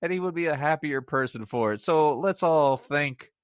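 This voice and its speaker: A man's voice: on the high side, normal speed, clear, resonant tone, no echo, studio quality. A middle-aged man giving a casual solo movie review on a podcast, rambling and sarcastic, laughing at his own jokes.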